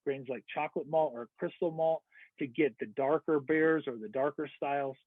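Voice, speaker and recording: A man's voice: a little high, normal speed, dry recording. An American man giving an online lecture, explaining step by step with fillers and self-corrections. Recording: tinny phone-like dry audio.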